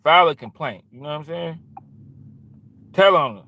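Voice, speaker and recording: A man's voice: fairly high pitch, lively intonation, moderate pace, pushed and bright. A man hosting a livestream, talking back to his chat in a confrontational, repetitive and slangy way. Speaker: livestream host.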